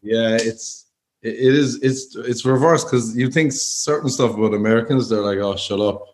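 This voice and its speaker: An Irish man, a stand-up comedian, telling anecdotes in casual chat with stammering restarts and low flat impressions of other people. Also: moderate pace, slight background noise. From Ireland.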